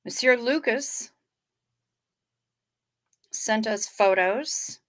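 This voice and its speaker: A woman hosting a casual livestream, reading viewer comments in a gentle, sympathetic way. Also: fairly high pitch. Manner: slow, gentle and sympathetic, talking to chat. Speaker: livestream host.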